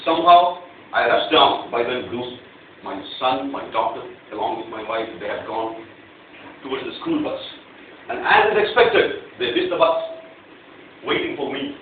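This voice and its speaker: Lively man giving a club speech. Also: medium pitch, normal speed. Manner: animated, acts out quoted outbursts. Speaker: club speaker. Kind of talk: prepared public speech with storytelling. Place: meeting room. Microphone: clip-on mic, distant recorder. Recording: very echoey, far off, phone-like and tinny, faint hiss.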